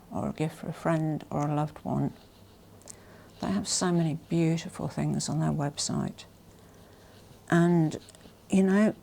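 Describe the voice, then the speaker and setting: A woman vlogger presenting a haul in a casual, gushing and emotional way, often dropping to soft whispers. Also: sits low, creaky. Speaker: fashion vlogger.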